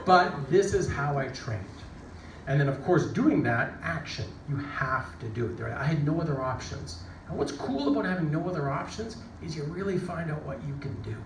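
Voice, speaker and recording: A middle-aged man with a fairly high voice tells an animated story from a stage, acting out other people's lines and sometimes shouting them. He is picked up from some distance, and his voice rings around a large, echoey hall with steady background noise. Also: moderate pace. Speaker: motivational speaker. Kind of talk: storytelling keynote talk.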